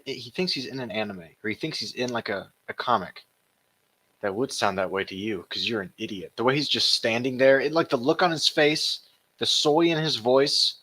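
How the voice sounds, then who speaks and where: Male show host reacting to clips, sarcastic and loose, middle pitch. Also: breathy edge. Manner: mocking, animated retelling of clips. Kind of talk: casual reaction commentary.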